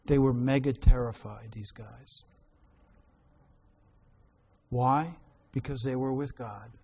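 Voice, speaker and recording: A man's voice: mid-range voice, slow pace, creaky, slightly rough. A man preaching a sermon, reading scripture aloud and explaining it, his voice rising on quoted lines. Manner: animated reader, rising loud on quoted lines.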